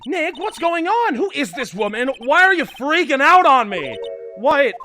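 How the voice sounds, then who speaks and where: A man voicing an excitable, food-obsessed young woman spirit medium, squealing and melodramatic. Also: very high-pitched, moderate pace, soft background music. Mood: worked up.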